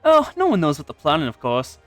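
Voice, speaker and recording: A man doing a gruff old sea-dog barkeep. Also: on the high side, huge pitch swings, fast talker, fairly bright tone, faint music behind. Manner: rough sailor's brogue, tried and broken off. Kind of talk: reading game dialogue aloud.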